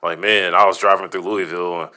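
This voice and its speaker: A man's voice: deep voice, level tone, brisk, pushed and bright. A man hosting a podcast, joking and laughing through casual chat. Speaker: podcast host.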